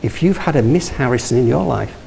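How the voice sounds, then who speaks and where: A man's voice: medium pitch, expressive, a little fast, vocal fry, mellow, slight background noise, rough recording. Anecdotal male motivational speaker. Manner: anecdotal, engages audience with questions; restarts and self-corrections. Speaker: guest speaker. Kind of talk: motivational talk.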